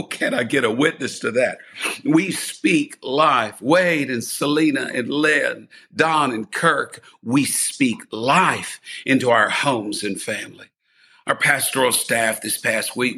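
A man's voice: medium pitch, sharp tone, husky. A male pastor preaching a fervent sermon with repeated refrains and calls to the congregation.

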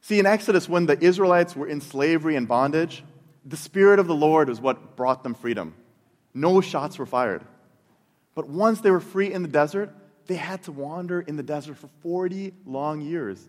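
A man in his thirties preaching a sermon as a pastor, earnest and warm in tone, often repeating words as he builds toward a point. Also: on the high side, moderate pace. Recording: long reverb of a large hall.

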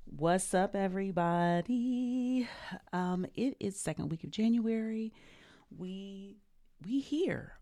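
A woman's voice: lowish voice, creaky, dark tone, no room sound, studio quality. A woman, hosting her own podcast in an earnest, emotional, encouraging way, casual and full of slang. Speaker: podcast host. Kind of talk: heartfelt solo podcast talk.

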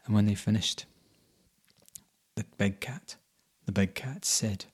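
A man telling a folk tale in the first person, dramatic, dropping to whispers and rising to sudden loud bursts. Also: lowish voice, slow, pauses often, breathy edge. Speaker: storyteller.

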